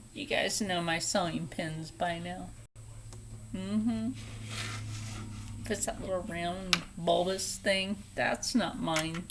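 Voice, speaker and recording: Slow, chatty woman teaching sewing. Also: lowish voice, slight background noise. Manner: chatty and playful, with soft whispered asides. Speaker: sewing channel host. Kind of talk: casual step-by-step tutorial.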